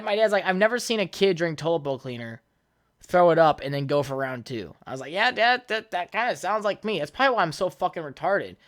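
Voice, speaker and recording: A man's voice: fairly high pitch, a bit bright. Rambling, profane young man podcasting. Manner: rambling, profane, with frequent fillers and restarts. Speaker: podcast host. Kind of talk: casual solo podcast storytelling.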